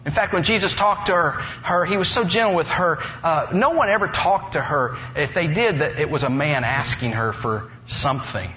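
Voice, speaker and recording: A man preaching a sermon, telling stories with lively energy and humorous asides. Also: a little high, normal speed, few pauses. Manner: animated storytelling with humorous asides. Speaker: pastor. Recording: dull lo-fi sound with faint noise.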